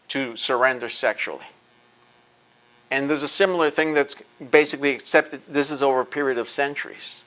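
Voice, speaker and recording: A man's voice: fairly high pitch, a bit bright, low-quality recording. A man answering audience questions after a lecture, talking in an impassioned, emphatic way and repeating points for force. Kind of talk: impassioned Q&A talk. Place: lecture event.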